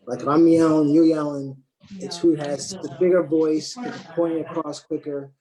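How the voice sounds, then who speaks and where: Man, calm, deliberate, fairly high voice, echoey room. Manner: calm, deliberate, repeats words as he works out his point. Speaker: panel guest. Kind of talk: casual discussion.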